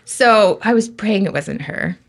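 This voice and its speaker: A woman guest on an interview show, telling a personal story in an animated, expressive way full of "like" and acted-out quotes. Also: medium pitch, measured pace. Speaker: guest, intuitive medium.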